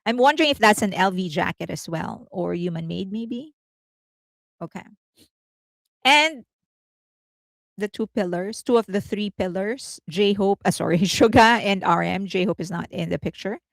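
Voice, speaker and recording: Woman rambling thru a livestream, laughs a lot, mid pitch, dry close sound. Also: a little slow, creaky, dry recording. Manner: chatty and rambling, laughs often, thinks aloud. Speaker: entertainment news livestream host. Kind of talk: casual livestream commentary.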